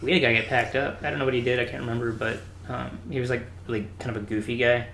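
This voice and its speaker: A man telling lively stories in a casual chat, acting out quotes between laughs. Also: medium pitch, rapid-fire, creaky. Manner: animated, acts out quotes with laughter. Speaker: podcast guest. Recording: roomy with faint background hiss.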